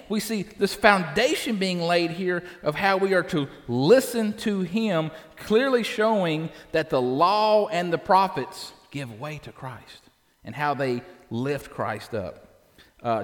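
An animated male pastor preaching a sermon, with a fairly high voice. He poses questions to the congregation, and his words ring out with a long reverb from a large church hall.

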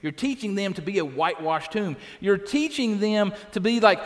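A man's voice: high-pitched, big pitch swings, normal speed, hardly any pauses, a bit bright, in a large hall. A man preaching a sermon as pastor, conversational and direct, often tagging his points with "right?". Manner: conversational, tags lines with "right?". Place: church.

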